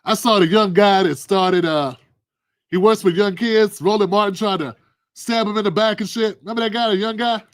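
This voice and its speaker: A man's voice: high voice, normal speed, dry recording, studio quality. A middle-aged man hosting a livestream, ranting through political commentary in a blunt, aggressive and profane way. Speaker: livestream host.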